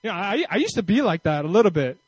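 A male pastor giving a conversational, animated sermon with casual asides and self-deprecating humor. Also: high-pitched, fast, husky, dry recording, rough recording.

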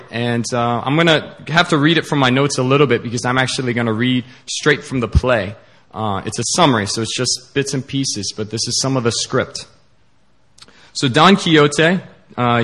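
A man preaching a sermon in an earnest, halting way, with many fillers. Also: mid-range voice, fairly bright tone.

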